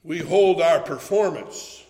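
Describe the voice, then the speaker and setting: A man preaching a sermon, emphatic and building to fervent shouts. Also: fairly high pitch, takes it slowly, echoey room, long reverb tail.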